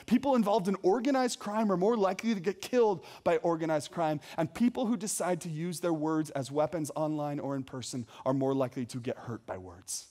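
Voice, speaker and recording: Earnest young male preacher, higher voice. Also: a little mellow. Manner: earnest, emphatic preaching with rhetorical questions. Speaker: young adults and high school pastor. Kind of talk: sermon.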